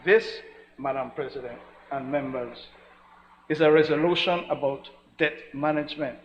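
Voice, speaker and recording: A man with a Belizean accent giving a formal, measured speech in a senate chamber, stressing each point. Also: a little high, steady tone. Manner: measured, emphatic, repeats formal address. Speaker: senator presenting a resolution. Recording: lo-fi recording with long hall reverb and faint noise.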